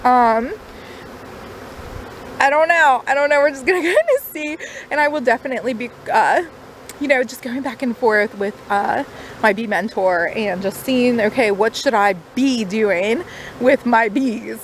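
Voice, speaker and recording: A chatty woman talks through her beekeeping on a camera mic outdoors. Her voice sits a little high, with lots of easy fillers. Faint insect buzzing and outdoor noise run behind her. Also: moderate pace. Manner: chatty, upbeat, uses many fillers. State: out of breath. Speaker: new beekeeper. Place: outdoors by beehives.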